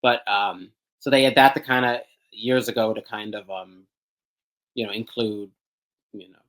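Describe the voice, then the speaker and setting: A man's voice: on the low side, normal speed, fairly bright tone, poor audio. Hesitant young man, searching for words. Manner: hesitant, many ums and restarts, searching for words. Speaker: podcast guest. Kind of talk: casual interview conversation.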